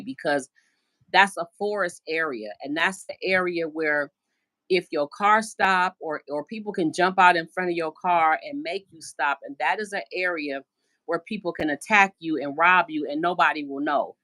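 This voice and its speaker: A middle-aged American woman talks on a casual live stream from home in a low, deep voice. She rambles chattily and slips into the voices of the people she quotes. Her phone picks up a dry, close sound with no room echo. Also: normal speed, sharp tone. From United States. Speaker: livestream host. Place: at home indoors.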